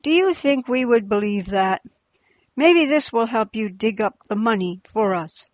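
A woman's voice: fairly high pitch, animated, unhurried, a little mellow, no room sound. A woman voicing a gang of male rebel robbers who snarl and mock threats, in a slightly muffled recording.

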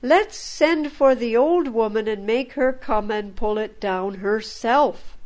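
A woman voicing a group of fearful, excitable male village elders. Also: on the high side, slow pace. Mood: eager.

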